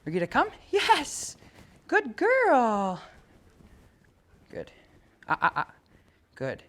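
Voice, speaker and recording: A dog trainer working with a dog in front of its owner. The trainer explains calmly to the owner, then calls out commands and loud, high praise to the dog. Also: slow. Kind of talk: hands-on training demonstration.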